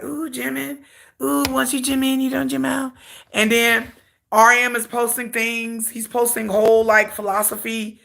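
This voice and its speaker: A woman hosting a K-pop channel livestream, telling a dramatic, salty story with animated humor. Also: on the high side. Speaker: K-pop YouTube channel host. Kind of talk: casual livestream rant.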